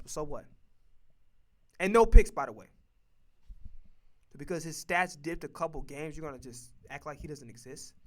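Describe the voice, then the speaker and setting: A man's voice: on the high side, a bit bright. A man streaming, ranting casually and profanely about football picks, emphatic and repetitive. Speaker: streamer and sports commentator. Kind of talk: casual sports opinion rant.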